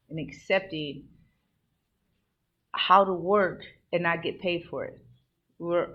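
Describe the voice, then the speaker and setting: A woman in a raw personal monologue, blunt and emphatic with heavy swearing, at times rising to loud outbursts. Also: low-pitched, gravelly. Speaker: vlogger sharing personal growth. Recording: dull lo-fi recording with faint background noise.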